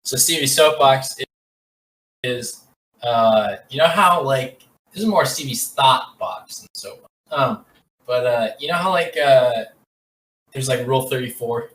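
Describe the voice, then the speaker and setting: Bright-voiced rambling male podcast co-host. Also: medium pitch, a little slow, reverberant, recorded from a distance, low-quality recording. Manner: rambling, hesitant, heavy with fillers. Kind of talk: casual chat.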